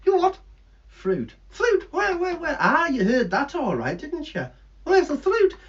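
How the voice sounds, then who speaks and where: A cheeky male bird puppet squawks back in a high, shrill voice. He is stubborn and contrary, his pitch leaping all over the place. The recording sounds dull and lo-fi. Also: wildly swooping pitch, a little slow, a bit bright, heavily acted. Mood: excited.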